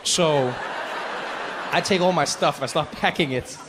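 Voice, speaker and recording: A male stand-up comic telling a long story live on stage, animated and quick to slip into voices. His speaking voice sits fairly high for a man. Faint background noise runs under the set. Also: big-room sound. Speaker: stand-up comedian.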